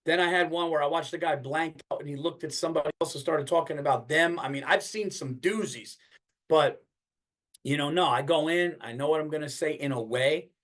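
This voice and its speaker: A man's voice: fairly high pitch, brisk, a bit bright. A middle-aged man hosting a podcast, telling a story in a casual, comedic way, swearing and acting out the people he quotes. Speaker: podcast host.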